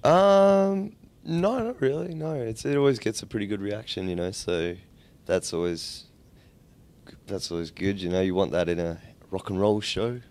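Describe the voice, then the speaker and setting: A man's voice: lowish voice, moderate pace, a little mellow. An Australian man in a band, answering interview questions with dry, rambling jokes. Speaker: band member. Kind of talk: casual interview.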